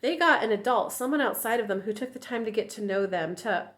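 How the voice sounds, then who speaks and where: A woman in her thirties speaks candidly as a relationship coach, her pitch swinging up when she acts out quoted voices. The delivery is casual and direct, aimed at her viewers. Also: fairly quick.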